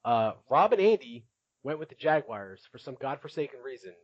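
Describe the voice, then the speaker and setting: A man's voice: mid-range voice, big pitch swings, a little fast, dry recording, lo-fi sound. A man hosting a casual podcast, chatty and laughing often as he recaps, with many filler words. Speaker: podcast host.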